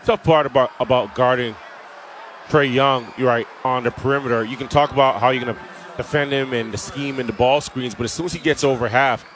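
A man's voice: medium pitch, steady tone, a little fast, fairly bright tone, slight background noise. A man giving casual color commentary on a basketball game, peppered with asides. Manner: conversational analysis with filler asides.

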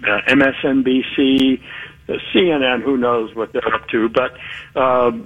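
A man, a newspaper columnist calling in as a guest, giving measured, opinionated political commentary. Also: medium pitch, fairly even intonation. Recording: tinny phone line.

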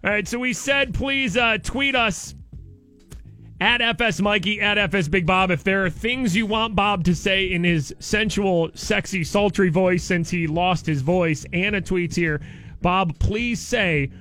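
A man's voice: high voice, a little slow, pushed and bright, soft background music. A man hosting a morning radio show, upbeat, reading listener tweets aloud in casual banter on a studio mic. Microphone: studio microphone.

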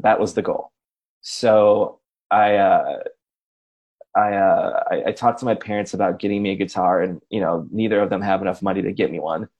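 A man in his forties from Racine, Wisconsin, USA, a podcast co-host and radio personality, speaks in a lowish, darkish voice. In casual storytelling chat, he tells a rambling, self-deprecating story packed with asides.

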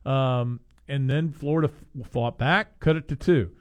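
A man hosting casual sports talk, rambling with many restarts and growing excitable as he recounts a game. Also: mid-range voice, measured pace. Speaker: sports radio host.

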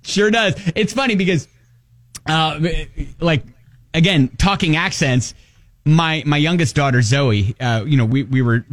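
A man's voice: fairly high pitch, unhurried, dry recording, studio quality. Chatty Kentucky radio host man. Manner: rambling, lots of fillers and laughs. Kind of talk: casual morning radio chat. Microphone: studio mic.

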